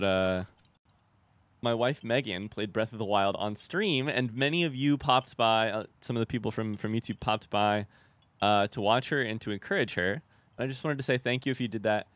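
Lively, animated man doing gaming commentary. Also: fairly low pitch. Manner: animated, chatty, talks to game enemies and animals. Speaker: gaming video host. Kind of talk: casual let's-play commentary.

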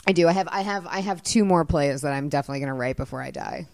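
A woman's voice: low-pitched, rapid-fire, no room sound, studio quality. A woman playwright in her thirties talking in a casual interview, telling stories with lots of laughter and the odd swear. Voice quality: animated storyteller, laughs often, swears casually. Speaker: playwright guest.

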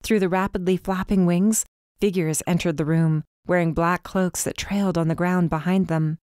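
Woman narrating a dark fantasy audiobook. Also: lowish voice, fairly even intonation, normal speed, smooth, no echo, studio quality. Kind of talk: scripted first-person narration.

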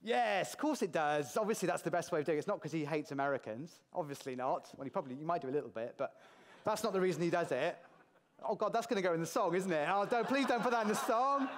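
Lively British man giving a conference talk. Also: a little high, fast, big-room sound. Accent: British English. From Britain. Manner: lively, jokey, asks the audience questions. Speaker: conference speaker. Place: large conference hall with audience.

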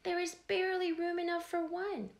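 Woman doing a squeaky little ant. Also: little pitch movement, normal speed, roomy sound. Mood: anxious. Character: small plucky male ant, kind and bold.

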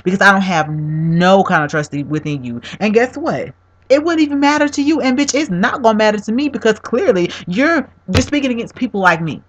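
A man's voice: high voice, fairly bright tone. Man vlogger, heated profane rant, emphatic repeated questions. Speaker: video blogger. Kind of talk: angry video response rant. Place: home.

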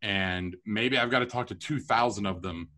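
Bright, chatty male storyteller. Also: fairly low pitch, normal speed. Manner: chatty, animated, self-deprecating humor. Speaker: podcast guest, entrepreneur. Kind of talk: storytelling interview.

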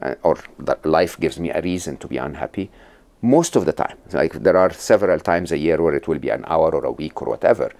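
A man's voice: very deep voice, animated, a little fast, a little mellow. A middle-aged man from Egypt, a podcast guest telling stories and explaining ideas in a conversational interview, with many restarts and check-ins like "right?".

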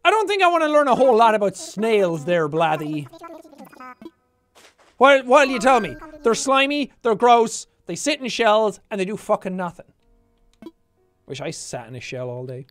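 A man giving a jokey, animated let's play commentary, swearing and talking to himself as he plays. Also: high-pitched, normal speed, soft background music. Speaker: gaming streamer.

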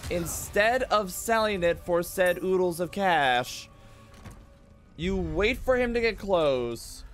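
Casual gameplay commentary comes from a man streaming a video game, his voice a bit bright. He jokes, swears, and suddenly erupts in high-pitched outbursts.

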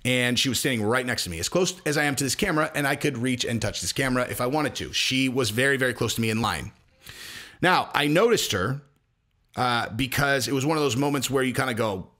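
A man's voice: mid-range voice, bright, forceful tone. A man hosting his own commentary channel, talking in a loose, profane, rambling way and acting out little voices as he goes. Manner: profane, rambling, acts out voices mid-story. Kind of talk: casual commentary monologue.

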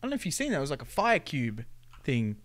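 A man giving excitable, casual commentary while playing a game with a friend, jumping from hushed tones to yelps and laughs. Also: mid-range voice, fast. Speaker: gaming YouTuber.

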